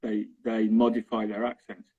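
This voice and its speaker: A man's voice: fairly low pitch, monotone, moderate pace, slightly rough. A middle-aged man with an Estuary English accent from London, chatting casually as an English teacher and checking in with "right?" and "okay?"; dull lo-fi recording. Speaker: English teacher, interview guest. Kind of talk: casual explanatory chat.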